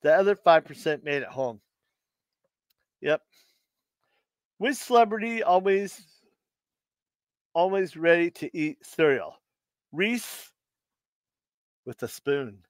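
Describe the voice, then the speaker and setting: Slow-talking man chuckling at his own puns. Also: a little high, expressive, dry recording. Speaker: live stream host telling jokes. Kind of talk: casual live stream joke telling.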